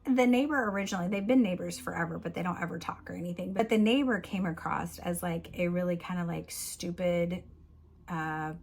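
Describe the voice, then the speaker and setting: Woman book vlogger, casual and chatty, laughs easily, slightly low voice. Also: fairly quick, gravelly, slight background noise. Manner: chatty and giggly, recapping plots with many "like"s. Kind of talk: casual book review chat.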